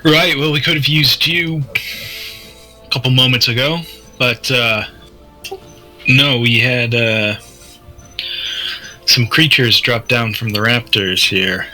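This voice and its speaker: A man playing his adventurer character, explaining events in a measured, slightly formal way. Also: medium pitch, pushed and bright, soft background music, rough recording.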